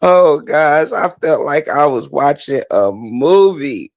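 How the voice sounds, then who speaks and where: Animated yet slow, this host speaks on the high side while recapping things casually for his viewers. Crying with laughter and laughing hard, he uses drawling Southern slang and calls people "child" and "baby". The recording is dry.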